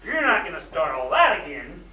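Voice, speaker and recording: An actor playing a sardonic, polished worldly traveler in an old film. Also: male voice, on the high side, wildly swooping pitch, brisk, sharp tone, exaggerated voice. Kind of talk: 1940s film acting. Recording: echoey, distant, dull old film soundtrack.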